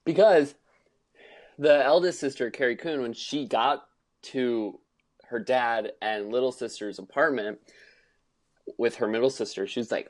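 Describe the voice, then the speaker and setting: A young woman co-hosting a podcast in casual chat, animated, acting out movie lines and swearing casually. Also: very deep voice, unhurried, pauses often. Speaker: podcast co-host.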